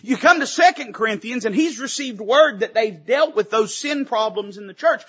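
Preacher guy, high bright husky voice, dull lo-fi sound, builds up as he preaches. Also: expressive, normal speed, few pauses. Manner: preaching with rising emphasis and repeated phrases. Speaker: pastor. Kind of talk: sermon. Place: church sanctuary.

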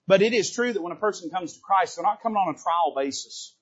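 A man preaching a sermon from a church pulpit, emphatic and lively, swinging between loud bursts and quiet asides and joking with the congregation. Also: sits high, fast, breathy edge, dull audio. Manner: quips to the congregation. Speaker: Baptist preacher.

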